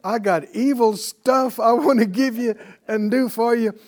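A man's voice: very high voice, unhurried, pitched above the performer's own voice. A man voicing the devil as a blunt, openly evil male tempter in a Bible lesson. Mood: brash.

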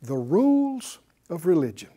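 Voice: mid-range voice, very animated, measured pace, dark tone, breathy edge. A Bible teacher giving a broadcast lesson in a conversational way, often asking the audience rhetorical questions and chuckling while telling the story.

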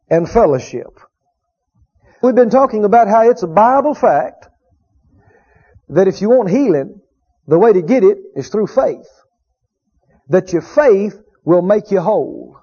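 High-voiced preacher with a husky tone. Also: male voice, warm tone. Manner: emphatic, repeats key phrases, drawn-out quotes of scripture. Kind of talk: sermon. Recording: dull lo-fi recording.

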